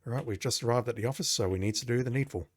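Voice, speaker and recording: A man's voice: mid-range voice, rapid-fire. A man playing an old adventure game, reading its text aloud and adding wry, joking asides. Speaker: game commentator.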